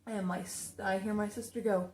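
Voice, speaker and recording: A woman's voice: mid-range voice, flat delivery, normal speed, a little hiss or hum. A young woman chatting casually as she tells a story while doing her makeup, rambling with lots of fillers and restarts. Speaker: makeup vlogger.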